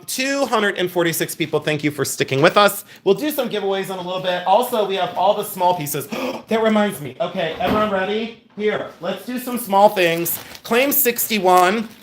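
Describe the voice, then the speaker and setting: A man's voice: on the high side, fairly bright tone. A man hosting a live online jewelry sale, chatty and playful, often laughing and greeting viewers by name. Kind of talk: live online sales stream.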